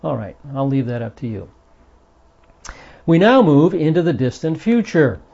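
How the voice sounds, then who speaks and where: A Bible teacher gives a recorded study lesson, earnest and emphatic, stressing the passages he reads aloud. His slightly high, creaky and mellow voice swings widely in pitch at a moderate pace, in a dull lo-fi recording.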